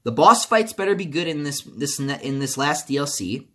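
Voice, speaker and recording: A man's voice: a little high, expressive, normal speed, fairly bright tone. A man ranting about a video game as a video creator, angry and profane, repeating himself as he vents. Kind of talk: video game commentary rant.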